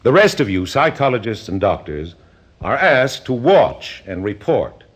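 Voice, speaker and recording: An actor playing a calm, insistent male psychiatrist in an old film drama, speaking in a measured, persuasive, probing way. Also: on the low side. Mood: formal.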